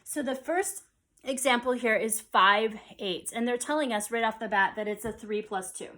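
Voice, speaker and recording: A woman teaching an online music theory lesson, counting beats aloud and explaining in a relaxed, conversational way. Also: fairly high pitch, normal speed. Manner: relaxed and conversational, with fillers and restarts.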